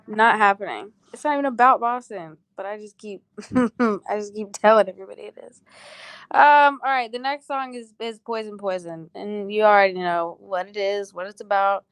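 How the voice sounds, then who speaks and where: A woman's voice: medium pitch, clear, resonant tone, dry recording, studio quality. A woman chatting casually on a livestream, groggy, rambling and giggly, swearing freely between songs. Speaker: singer on a livestream.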